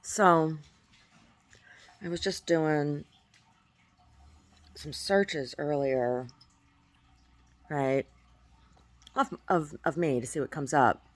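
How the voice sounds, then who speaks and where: A woman's voice: low-pitched, extremely slow, pauses often. A woman speaks into her video diary in a loose, casual way. She sounds aggrieved and rambles, often stopping to restart her phrases. She is recording at home with her cats nearby. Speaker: video diarist.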